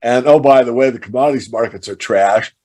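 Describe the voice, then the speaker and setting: A man with a mid-range voice who talks his way carefully through market ideas in a relaxed podcast chat. He strings long thoughts together and pauses on fillers. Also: mid-range voice. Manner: measured, explains in long run-on thoughts. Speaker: show host. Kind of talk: casual podcast conversation.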